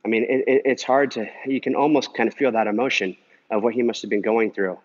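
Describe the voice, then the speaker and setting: A man's voice: mid-range voice, steady tone, quick pace. A man walking through an indoor pool area while talking earnestly and casually to a viewer, with many "man" and "you know" fillers. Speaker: Christian vlogger answering a viewer comment. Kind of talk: casual spoken encouragement. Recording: dull lo-fi recording.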